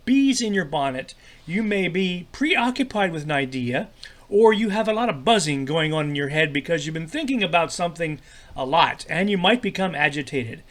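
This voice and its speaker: Lively halting man teaching a kids' lesson. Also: fairly high pitch. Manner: friendly, halting, with many fillers and repeated words. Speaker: children's church teacher. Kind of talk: children's devotional lesson.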